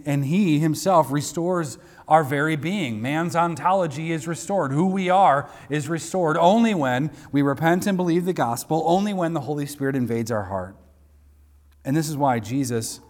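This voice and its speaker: A man preaching a sermon, emphatic and building to forceful peaks. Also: on the high side. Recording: long hall reverb.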